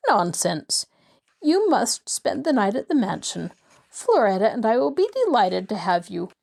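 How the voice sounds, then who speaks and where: A woman voicing an elderly spinster sister in a storybook, quick and insistent. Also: mid-range voice, big pitch swings, creaky, darkish tone, exaggerated voice.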